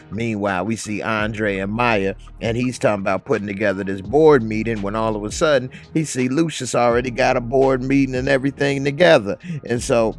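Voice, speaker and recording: A man's voice: mid-range voice, brisk, hardly any pauses, soft background music. Slangy man recapping a TV episode. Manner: animated, slangy, acts out characters. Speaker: TV recap reviewer.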